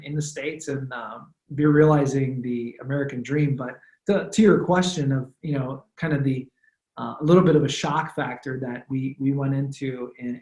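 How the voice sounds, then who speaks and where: A man in his thirties, born in Romania, recounts his past in a relaxed, thoughtful manner, stopping often to restart a phrase. His voice sits at an average pitch. It rings with a clear room echo. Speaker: guest, former football punter. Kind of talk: casual interview storytelling.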